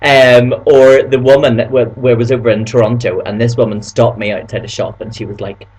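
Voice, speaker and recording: This Northern Irish vlogger from Belfast has a medium-pitched, darkish voice with a breathy edge, delivered flatly and fairly fast over poor audio. Playing up a camp persona, he gushes and tells stories in a casual vlog.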